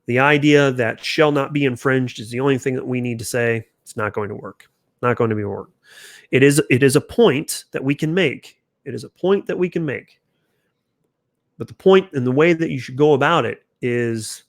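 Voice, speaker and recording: A man's voice: medium pitch, dry recording, clean studio sound. A man hosting a casual livestream, chatting loosely with viewers, restarting sentences and reacting to their comments. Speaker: channel host.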